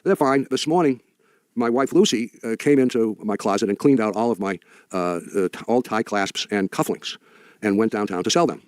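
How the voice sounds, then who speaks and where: A man's voice: on the low side, normal speed, clean tone, dry recording, lightly acted. A man putting on the voice of a male stockbroker friend in a spoken anecdote. The friend talks in a breezy, matter-of-fact way.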